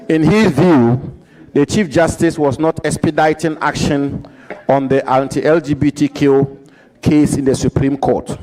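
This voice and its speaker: A man questioning a nominee at a formal parliamentary hearing, measured and repeating key points for emphasis. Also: on the high side, warm tone, poor audio. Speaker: committee member asking questions. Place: parliamentary committee hearing room.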